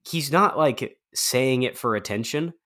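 A man co-hosting a podcast in casual comedic chat, sarcastic and quick to slip into mock voices. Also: medium pitch, fairly bright tone. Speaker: podcast co-host.

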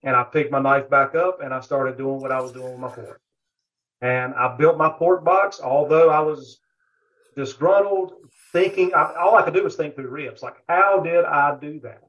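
A man's voice: a little high, moderate pace, fairly bright tone. A man, a guest on a barbecue podcast, telling a rambling story in a casual interview, full of fillers and asides. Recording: dull lo-fi audio.

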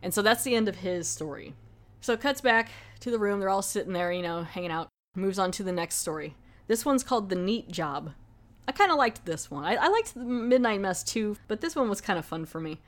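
A woman's voice: medium pitch, animated, a little fast. A woman hosting a podcast, casually reviewing a horror film in a rambling, chatty way. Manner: rambling, chatty, lots of "like" fillers. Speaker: podcast host.

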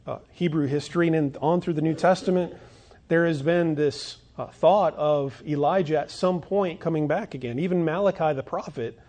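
A pastor preaching a sermon earnestly, asking the congregation rhetorical questions and building up to emphatic declarations. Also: male voice, fairly high pitch, darkish tone.

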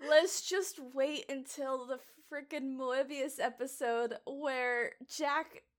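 A woman co-hosting a podcast in casual chat, animated and laughing often. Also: high-pitched, slow pace. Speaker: podcast co-host.

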